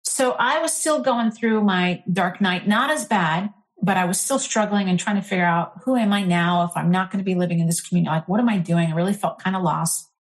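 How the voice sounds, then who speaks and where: A middle-aged woman, an interfaith minister, telling a candid personal story in an earnest, animated way, full of fillers. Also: fairly low pitch, brisk, hardly any pauses.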